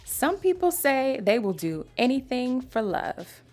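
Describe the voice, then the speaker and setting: A woman reading out interview questions in a lively way. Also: high voice, a little slow, faint music behind.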